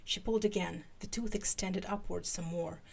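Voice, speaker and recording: A woman hosting a podcast, giving a live fan fiction reading with an animated delivery that turns halting in her asides. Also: lowish voice, vocal fry.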